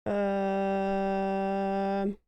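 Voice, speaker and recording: A woman's voice: mid-range voice, monotone, drawn-out words, mellow, smooth, dry recording. A young woman streamer in casual chat, rambling and musing aloud with lots of "like" fillers.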